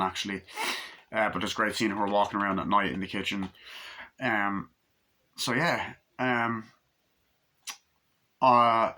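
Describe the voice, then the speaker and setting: A young man talks through a film review in a loose, rambling way, full of fillers and casual swearing. His voice sits fairly low but sounds bright and forceful.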